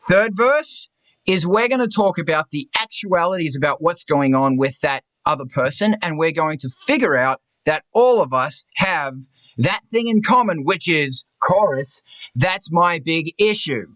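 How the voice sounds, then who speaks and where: A man's voice: on the high side, lively intonation, unhurried, a bit bright, dry recording, low-quality recording. A man hosting a casual group video chat, talking bluntly and profanely, rambling with self-mocking asides. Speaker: host of artists' talk stream.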